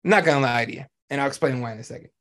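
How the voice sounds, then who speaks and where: A man's voice: medium pitch, very fast, a bit bright. A man hosting a sports podcast in casual chat, blunt and profane, ranting with lots of animation. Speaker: podcast host.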